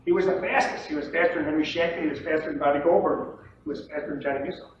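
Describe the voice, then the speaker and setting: Brief: male trading instructor, emphatic and repetitive, slightly higher voice, distant mic in a very echoey room. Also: steady tone, racing, muffled recording, slight background noise. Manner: emphatic and repetitive, checks in with "okay?". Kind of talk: seminar lecture.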